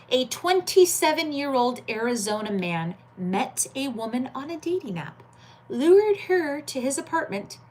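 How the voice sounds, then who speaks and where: Woman streamer, bouncy pitch, greets chat and reads crime headlines from home. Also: husky. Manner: chatty, greets viewers by name, reads headlines aloud. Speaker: livestream host. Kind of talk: late-night crime news livestream chat.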